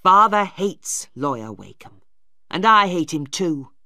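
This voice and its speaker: A woman voicing a stern young man who speaks harshly and forcefully in a storybook reading. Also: deep voice, very animated, a little slow, dry recording, studio quality, heavily acted. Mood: angry. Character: stern, angry young man, Maggie's brother.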